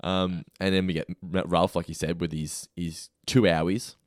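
A man's voice: low-pitched, flat delivery, moderate pace, no echo, clean studio sound. A man in his thirties hosting a podcast in casual chat, laughing easily and stumbling over words. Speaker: podcast host.

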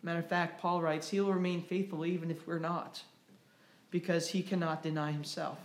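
A man delivers a sermon in a church sanctuary, his voice sitting high for a man. He speaks plainly through scripture and stories, then rises and grows loud and impassioned when he presses a point. The sound carries a roomy echo from the hall. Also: little pitch movement, moderate pace. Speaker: pastor.

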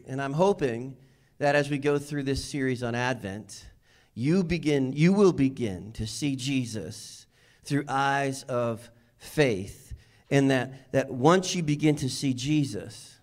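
A man's voice: medium pitch, takes it slowly. A man preaching a sermon to his congregation in a church, casual and conversational, building to emphatic peaks. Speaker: pastor. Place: church sanctuary.

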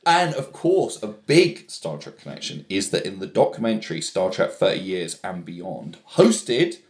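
A man co-hosting a podcast in relaxed casual chat, laughing along. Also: sits low, measured pace, creaky. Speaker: podcast co-host. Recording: roomy echo.

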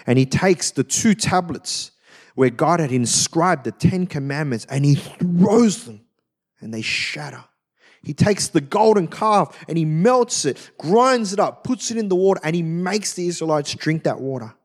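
Fairly high-voiced man preaching. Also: expressive, measured pace. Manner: reads scripture aloud, then retells it expressively. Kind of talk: sermon, Bible teaching.

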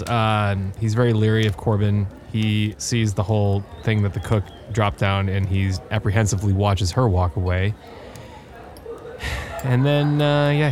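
A man playing a character in a tabletop game, gruff and swearing in mock outrage. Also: fairly low pitch. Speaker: player.

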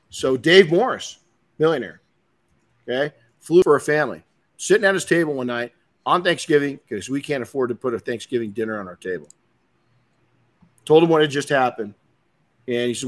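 A man's voice: mid-range voice, expressive, brisk, pauses often, fairly bright tone. A middle-aged man hosting a podcast, telling stories in a blunt, casual way, swearing and restarting his sentences often. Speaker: podcast host. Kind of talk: casual motivational talk.

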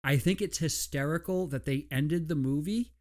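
A man's voice: fairly high pitch, moderate pace, a little mellow. Hesitant man chatting about a film. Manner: hesitant, rambling with fillers. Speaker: podcast co-host. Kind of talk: casual chat.

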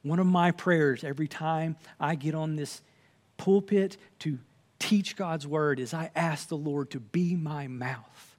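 A man's voice: on the high side, unhurried, a little mellow. A man preaching a sermon from the pulpit, earnest and conversational, quoting scripture as he teaches. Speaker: pastor.

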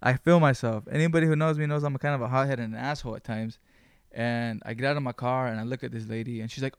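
A man's voice: mid-range voice, fast talker, clean tone, no echo. Blunt, swearing male podcast host. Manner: blunt, swears often, animated storytelling. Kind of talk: casual chat.

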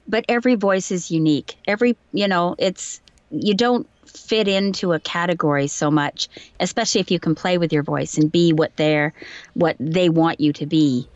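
A woman's voice: on the low side, brisk, no room sound, dull audio. A woman voice actor with a light received pronunciation English accent, chatting casually in an interview and explaining with examples in a modest, self-deprecating way. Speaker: voice actor guest.

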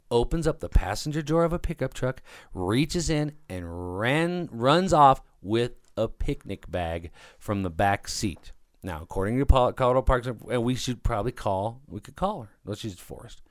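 Lively, jokey male podcast co-host. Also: medium pitch, no echo, clean studio sound. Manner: playful, jokey storyteller. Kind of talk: casual banter.

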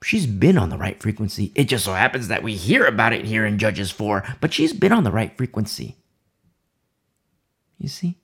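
A man preaching a Bible sermon with passion, dropping to hushed asides and repeating phrases for effect. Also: lowish voice, big pitch swings, normal speed, vocal fry, slightly rough. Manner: impassioned, swings between loud emphasis and hushed asides.

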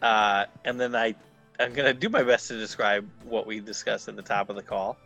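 A man's voice: lowish voice, steady tone, fairly quick, gravelly, bright, forceful tone, muffled recording, faint music behind. A man playing a tabletop game, talking in a polite, good-humored, chatty way. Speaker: player.

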